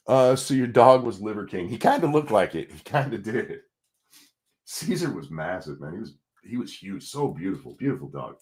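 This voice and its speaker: A male podcast host talks in loose, exasperated rants peppered with swearing. His pitch swings widely as he tells stories and gets worked up. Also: sing-song, moderate pace, a little mellow, husky. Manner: profane, exasperated storytelling. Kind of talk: casual ranting commentary.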